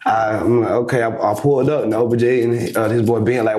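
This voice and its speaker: A young man telling a story casually as a podcast guest, lively, acting out the back-and-forth he describes. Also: mid-range voice, fast talker, reverberant, slight background noise. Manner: animated storyteller acting out quoted exchanges. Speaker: podcast guest, basketball influencer.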